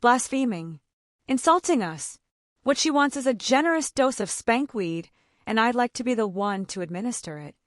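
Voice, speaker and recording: A woman's voice: fairly high pitch, animated, moderate pace, dry recording, clean studio sound, pitched above the performer's own voice, lightly acted. A woman reading the part of an irascible older man who snorts and blusters angrily. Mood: angry. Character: pudgy, irascible old uncle.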